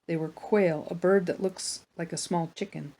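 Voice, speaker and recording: A woman reading a children's Bible story aloud for a church, in a plain, gentle storytelling manner with small asides. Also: fairly low pitch, steady tone, moderate pace.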